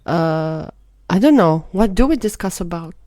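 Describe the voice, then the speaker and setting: A woman from Albania co-hosting a podcast in casual chat, with deadpan humor and hesitant fillers. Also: fairly low pitch, moderate pace, no echo. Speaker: podcast co-host.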